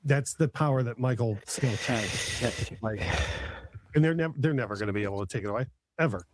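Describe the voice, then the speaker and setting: A man's voice: medium pitch, fairly quick, no echo. A middle-aged man chatting casually as a podcast host, enthusiastic and rambling with many fillers and restarts. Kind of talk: casual chat.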